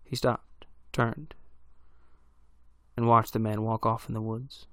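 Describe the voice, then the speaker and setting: A man narrating a horror story in a measured, deliberate way. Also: fairly low pitch, little pitch movement, dry recording.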